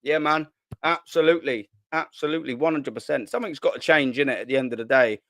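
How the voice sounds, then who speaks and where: A young man, hosting a casual live stream from his kitchen at home, talking in excitable slang, swearing and repeating himself. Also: mid-range voice, quick pace, dry recording, studio quality. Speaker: football channel host. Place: at home, sitting at a kitchen island.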